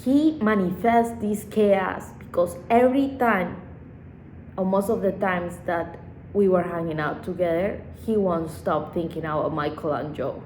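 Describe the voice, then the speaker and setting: In a casual storytime monologue, a woman vlogger with a fairly low, slightly mellow voice tells a personal story at a measured pace, rambling and emotional and swearing frequently. The room is echoey, with faint background noise.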